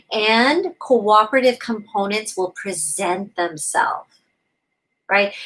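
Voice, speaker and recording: A woman co-hosting a casual spiritual chat, talking in a gentle, encouraging way and often asking "right?". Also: a little high, low-quality recording. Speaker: co-host.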